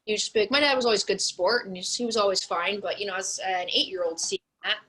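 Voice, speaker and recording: A young woman chats loosely as a guest on an interview show, her tone bright and forward. She rambles and leans on "like" and "um" as she goes. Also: medium pitch, fairly even intonation, fast talker, slightly rough, rough recording. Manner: rambling, heavy use of "like" and "um". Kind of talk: casual chat.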